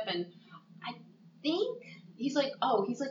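A woman, a podcast co-host, casually recapping a TV movie and acting out the quotes in a higher voice. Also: normal speed, a little hiss or hum. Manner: animated storyteller who acts out quotes in a higher voice. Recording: echoey room, dull lo-fi sound.

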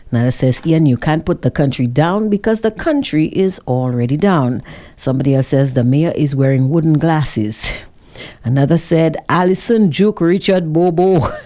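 A Saint Lucian woman hosts a call-in radio show with a low, mellow voice. She reads out listener messages in an animated, teasing manner and laughs often. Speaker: radio talk show host.

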